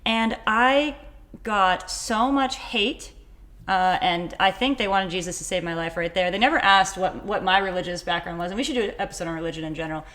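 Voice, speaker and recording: A woman's voice: medium pitch, brisk, a bit bright. A woman co-hosting a podcast in casual chat, chatty and jokey, often laughing. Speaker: podcast co-host.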